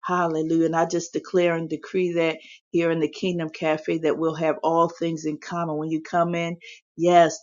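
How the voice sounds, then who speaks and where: A woman with a lowish voice leads a faith chat room, preaching and praying with fervor. Her impassioned delivery is peppered with hallelujahs, and the phone audio is dull and lo-fi.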